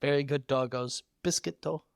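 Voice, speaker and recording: Excitable young man with a dry close voice. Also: mid-range voice, moderate pace, gravelly, no echo. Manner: excitable, loud, laughs often. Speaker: podcast co-host. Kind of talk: casual chat.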